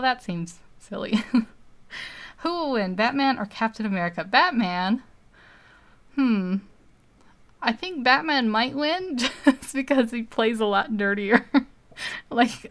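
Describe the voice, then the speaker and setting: A woman chatting loosely on a live stream as she draws. Her voice is smooth and clear, her talk rambling and easygoing, often broken up by little laughs. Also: medium pitch, fairly bright tone. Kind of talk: casual live-stream chat.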